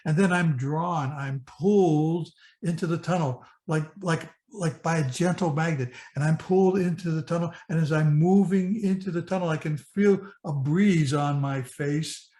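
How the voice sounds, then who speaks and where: An older man in his eighties recounts a personal experience in earnest, vivid present-tense storytelling, often restarting his phrases. His voice sits slightly high for a man. The recording carries a noticeable room echo. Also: normal speed, mellow. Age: 80s. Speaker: speaker sharing a personal experience.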